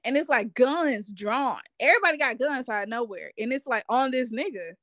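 A woman's voice: fairly high pitch, animated, moderate pace, a bit bright, dry recording, studio quality. A woman hosting a podcast in a casual, laid-back chat, full of slang, laughing often and trailing off mid-sentence. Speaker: podcast host.

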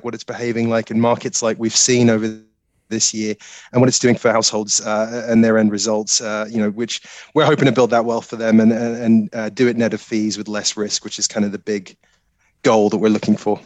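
A man's voice: medium pitch, flat delivery, fairly quick, no echo. A man guesting on a podcast as a strategist, joking and rambling with lots of fillers. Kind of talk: casual podcast interview.

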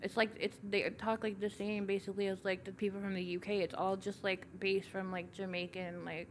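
A woman's voice: medium pitch, flat delivery, brisk, slight background noise. Blunt, profane woman from Toronto. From Toronto, Canada. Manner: blunt, profane, filler-heavy. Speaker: guest. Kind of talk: casual interview chat.

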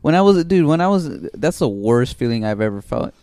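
A man's voice: fairly high pitch, sing-song, brisk, dark tone, no echo. A young man co-hosting a casual podcast, laughing often, swearing and calling his friends dude. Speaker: podcast co-host. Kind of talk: casual chat.

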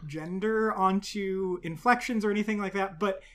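A woman's voice: mid-range voice, normal speed, fairly bright tone. A woman hosting a podcast, chatting in a playful, explaining way. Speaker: podcast host. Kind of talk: casual podcast chat.

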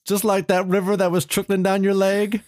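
A man playing a touchy, vain young female pop star who snaps back with quick, accusing retorts in an improvised comedy scene. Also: high-pitched, monotone, darkish tone, no echo, clean studio sound, pitched above the performer's own voice, natural voice. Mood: giddy.

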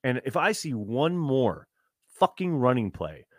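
Man, exasperated, swearing, lively pitch, dry close mic, fan podcast host. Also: a little slow, no room sound. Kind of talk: live fan podcast rant.

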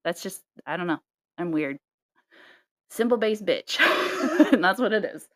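A woman's voice: fairly low pitch, animated, measured pace, fairly bright tone, dry recording. Woman co-host, casual chat, swears freely, sighs and laughs, dry close sound. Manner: loose, profane storytelling with sighs and laughs. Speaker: podcast co-host.

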